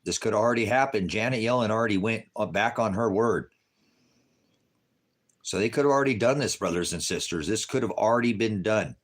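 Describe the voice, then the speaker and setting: A preacher man with a very low, deep voice talks casually to his viewers from home on a farm. He rambles from one thought to the next and slips into fond baby talk with his cat. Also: fairly quick. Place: farmhouse.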